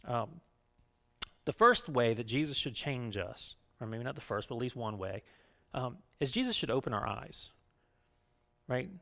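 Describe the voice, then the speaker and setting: A man preaching a sermon as pastor, talking conversationally and often checking in with "right?", moving between loud urging and quiet. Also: medium pitch, animated, unhurried, vocal fry, pauses often. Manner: conversational, keeps asking "right?".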